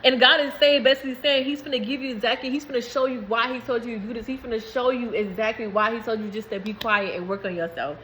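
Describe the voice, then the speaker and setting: A woman's voice: a little high, steady tone, fast talker, few pauses, fairly bright tone, a little hiss or hum, rough recording. A woman in giving a rambling, emphatic spiritual message to viewers, swearing freely. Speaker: spiritual reader.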